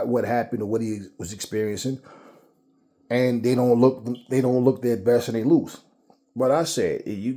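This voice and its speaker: A man's voice: mid-range voice, mellow. A man hosting a boxing channel, telling a story in a casual, profane, rambling way, often repeating words.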